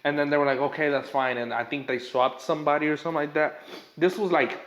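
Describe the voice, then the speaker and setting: A man hosting a casual podcast chat, telling animated stories and acting out quotes. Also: fairly high pitch, quick pace, roomy sound, lo-fi sound. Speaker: podcast host.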